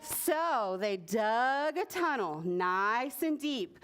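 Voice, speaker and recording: A woman's voice: fairly high pitch, extremely slow, hardly any pauses, a little hiss or hum. A woman librarian reading a picture book aloud to preschoolers in a library, asking them questions. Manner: animated, asks children questions. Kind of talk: preschool story time reading. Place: library story room.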